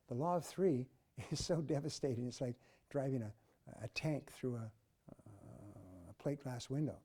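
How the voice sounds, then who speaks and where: An older man telling motivational stories, emphatic and animated, mimicking office chatter. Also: medium pitch. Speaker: speaker. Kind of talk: motivational storytelling.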